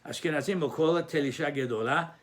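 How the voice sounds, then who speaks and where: A man's voice: on the high side, fast talker. A man teaching a spoken lesson on cantillation, patient and explanatory, often restarting his phrases.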